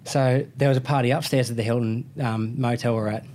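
A man's voice: medium pitch, fairly even intonation, a little fast, darkish tone, slight background noise. Rambling Australian man spinning a yarn. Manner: rambling, self-correcting anecdote with slang. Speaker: guest, motorcycle racer. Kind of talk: casual storytelling.

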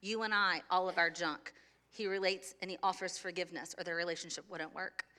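A woman's voice: lowish voice, steady tone, fairly quick, sharp tone. A woman pastor preaching a sermon to a church congregation in a conversational way. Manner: conversational, laughs easily, sings a children's song. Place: church sanctuary.

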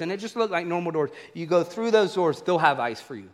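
A man preaching a sermon, an animated storyteller who acts out the exchanges he describes. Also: a little high, fairly quick. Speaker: pastor. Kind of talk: sermon with humorous travel stories. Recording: echoey hall reverb.

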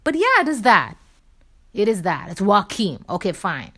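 A woman's voice: mid-range voice, wildly swooping pitch, moderate pace, sharp tone. Rambling woman vlogger, casual chat. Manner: rambling, many fillers and restarts, playful.

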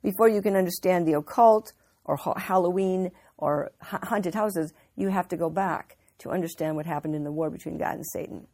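A woman's voice: fairly low pitch, a little fast, a little mellow, no room sound. A woman giving an informal Bible teaching, telling the story earnestly with frequent restarts.

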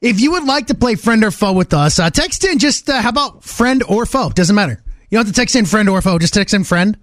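High, animated radio co-host man. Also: fairly quick, dry recording, studio quality. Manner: teasing, playful. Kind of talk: casual morning radio banter.

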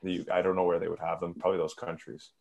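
A man's voice: low voice, monotone, racing, creaky, darkish tone, lo-fi sound, a little hiss or hum. A man, a hockey player guest on a podcast, chatting casually and rambling, often trailing off and restarting his sentences. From Canada.

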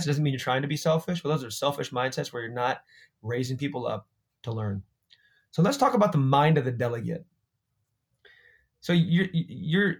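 Man, podcast co-host, husky voice, a bit high, thoughtful explaining. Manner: thoughtful, explanatory, gives advice. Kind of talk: casual podcast conversation.

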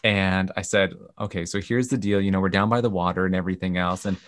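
A man, a camp organization's CEO, telling animated stories in a podcast interview and acting out the people in them. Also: low voice, quick pace, dry recording, studio quality. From Canada. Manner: animated retelling with quoted voices.

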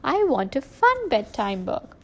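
A woman voicing an excited, insistent little girl piglet in a storybook reading. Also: high voice, a little slow, voice pushed up, heavily acted.

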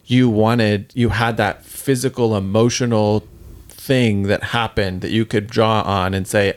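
A man's voice: lowish voice, steady tone, a little slow, no echo. A man co-hosting a podcast, asking questions and supportively summing up what his guest has said.

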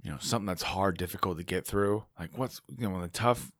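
A man's voice: low voice, fast talker, fairly bright tone, no room sound, clean studio sound. A man in casual podcast chat, joking around and swearing, slipping into put-on voices. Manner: jokey, puts on voices for bits, swears.

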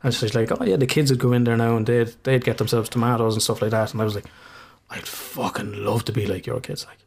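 A man's voice: medium pitch, steady tone, quick pace, creaky, a little mellow, a little hiss or hum. A middle-aged man, a podcast co-host chatting casually, swearing freely and laughing through his stories. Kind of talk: casual chat.

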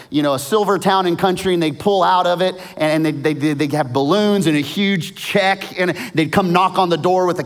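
A man preaching a sermon as casual, vivid storytelling with slang. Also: a little high. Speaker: pastor.

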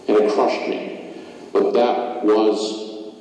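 A man's voice: lowish voice, dark tone. Man's reflective story in an echoey hall. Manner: halting, reflective retelling with restarts. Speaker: speaker recounting a personal loss. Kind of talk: earnest personal testimony. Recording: echoey hall picked up from far off.

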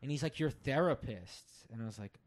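A man's voice: medium pitch, fairly quick. A man co-hosting a podcast in casual chat, telling profane stories and acting out what other people said. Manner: profane animated storytelling, acting out quotes. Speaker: podcast co-host.

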